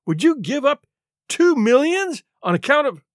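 A man doing an excitable fussy gentleman. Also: sits high, normal speed, dry recording, clean studio sound, full character voice. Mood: excited.

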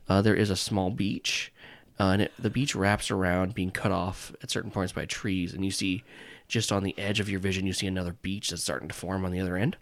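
A man's voice: low-pitched, vocal fry, no room sound. A young man narrating as game master in a rambling, casual way with many fillers.

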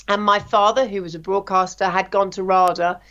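A woman, a TV presenter, telling her career story in a chatty, animated way with plenty of ums. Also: mid-range voice, fairly quick, lo-fi sound. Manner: chatty, animated anecdotes with frequent fillers. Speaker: guest, TV presenter. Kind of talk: interview storytelling.

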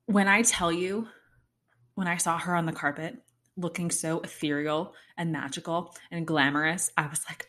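A young woman talks casually to her viewers in a gushing, excitable way. Her speech is loose and full of fillers. Now and then it jumps into high squeals of delight. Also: normal speed. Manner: gushing, excitable fan talk with many "like"s and sudden squeals. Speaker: vlogger. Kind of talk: casual chat to camera.

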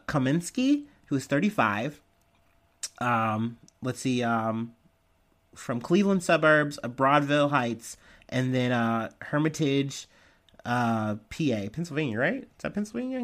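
Rambling man hosting a podcast. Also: medium pitch. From Ohio. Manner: rambling, profane, with frequent fillers and laughs. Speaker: podcast host. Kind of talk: casual news commentary.

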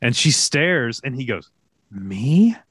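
Animated man telling stories on a podcast. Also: medium pitch, moderate pace, no echo. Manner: animated storytelling, acts out dialogue. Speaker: podcast co-host, youth soccer coach. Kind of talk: casual podcast chat.

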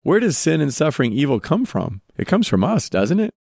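A man's voice: a little high, big pitch swings, a little fast, creaky, darkish tone, dry recording, clean studio sound. A man hosting a podcast, giving earnest devotional Bible teaching and putting direct questions to his listeners.

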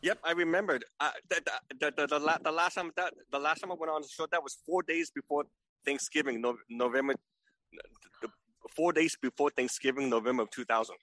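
Fast, stammering man with bright voice. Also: fairly high pitch, no echo, poor audio. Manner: stammering, repeats words, seeks agreement with "right?". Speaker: podcast guest. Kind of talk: casual remote chat.

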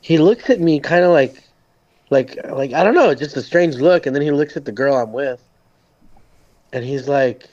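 A podcast guest from Socorro, US Southwest, rambles through a casual story in a voice on the high side, darkish in tone, with lively intonation and a moderate pace. He uses "like" heavily, swears freely, and acts out quotes, all on a muffled recording.

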